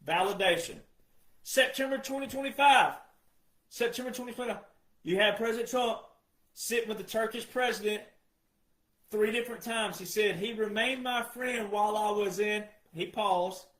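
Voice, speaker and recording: Male commentator, insistent and repetitive delivery, higher pitch, echoey room sound. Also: normal speed. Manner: insistent, repetitive, addresses "ladies and gentlemen". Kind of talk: emphatic monologue.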